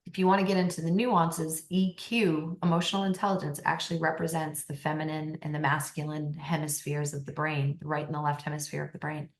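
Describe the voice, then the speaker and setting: A woman's voice: low voice, a little fast, few pauses. A woman talking as a podcast guest, giving emphatic coaching advice and laughing often. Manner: animated and emphatic, laughs often, acts out quoted voices. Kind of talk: casual interview talk, coaching advice. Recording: roomy echo.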